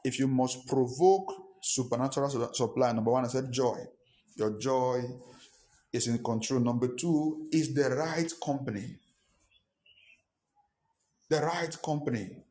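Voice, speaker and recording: A man's voice: medium pitch, a little slow, pauses often, dark tone. A pastor preaching a sermon, emphatic and repetitive, with rhetorical questions to his congregation.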